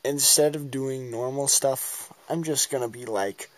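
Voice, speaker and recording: A man's voice: mid-range voice, a little slow, no echo. A man casually narrating his turn-by-turn game battle in a goofy, rambling way, acting out his own reactions.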